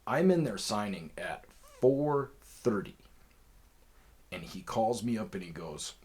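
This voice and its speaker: A man's voice: on the low side, expressive, takes it slowly, darkish tone. A man hosting a podcast, telling a long personal story in a rambling, profane way with lots of fillers. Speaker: podcast host. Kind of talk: casual storytelling.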